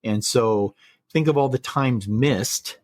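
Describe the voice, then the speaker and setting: A man hosting a podcast, retelling a personal story in casual chat, measured and full of quoted dialogue. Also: mid-range voice, darkish tone, no echo.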